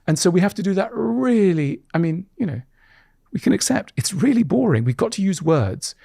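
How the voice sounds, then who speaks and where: Animated man, a podcast guest, breathy voice with a very dry sound, stumbles and restarts as he explains. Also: moderate pace, dry recording. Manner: animated, acts out little quoted scenes with leaps in pitch. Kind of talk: conversational explanation. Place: podcast studio.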